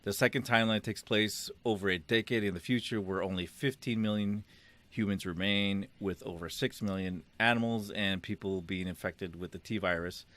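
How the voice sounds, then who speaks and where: A man's voice: on the low side, steady tone, normal speed, fairly bright tone. A middle-aged man co-hosting a podcast, chatting casually, rambling and laughing often with easy swearing. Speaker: podcast co-host. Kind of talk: casual chat.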